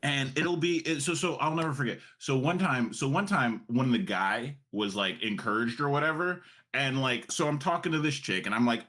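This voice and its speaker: A man's voice: mid-range voice, expressive, moderate pace, hardly any pauses, sharp tone. A man in his thirties hosting a casual panel chat, telling profane anecdotes with animation and laughing through them. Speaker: stream panel host.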